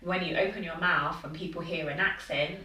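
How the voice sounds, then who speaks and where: A woman's voice: lowish voice, steady tone, moderate pace, pushed and bright. A woman telling a personal story in casual chat, laughing through parts of it. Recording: roomy, distant mic, faint hum.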